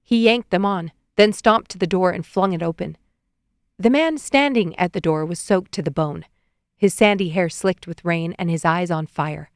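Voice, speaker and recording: A woman narrating an audiobook in an even, expressive reading on a close studio mic. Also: lowish voice, no room sound.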